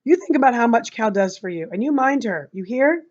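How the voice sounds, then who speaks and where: A woman's voice: fairly high pitch, animated, a little fast, darkish tone. A stern, firm father, as a woman reading aloud puts him on, with a flinty edge. The recording is muffled and lo-fi.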